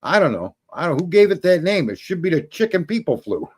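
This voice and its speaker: A man's voice: fairly high pitch, big pitch swings, a little fast, breathy edge. A man hosting a show, ranting casually and rambling to viewers, swearing often and laughing at his own jokes. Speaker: show host.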